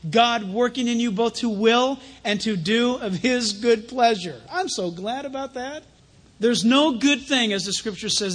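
Guy preaching, really high voice, kinda husky, chatty and animated. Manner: conversational preaching with anecdotes, rising to animated emphasis. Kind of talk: sermon.

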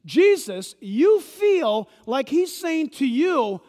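Male pastor, very high voice, lively sermon delivery, long church reverb. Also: takes it slowly. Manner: animated preaching, swings from loud bursts to hushed asides.

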